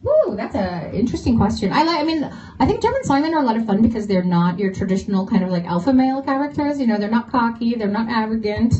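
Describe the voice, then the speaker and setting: A woman author talks through a reader's question at a bookshop event, chatting freely with lots of fillers and laughter. Her pitch moves around a lot. The phone recording from the audience sounds dull and lo-fi. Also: expressive, fast talker, few pauses, dark tone. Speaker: author on a panel. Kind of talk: casual panel Q&A talk.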